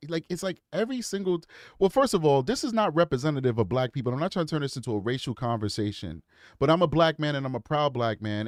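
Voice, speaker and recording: Guy hosting a true crime stream, kinda high voice, rambly then gets heated, dry close sound. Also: darkish tone, no echo. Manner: chatty, rambling, goes off on impassioned tangents. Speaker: true crime show host. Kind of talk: live-stream commentary.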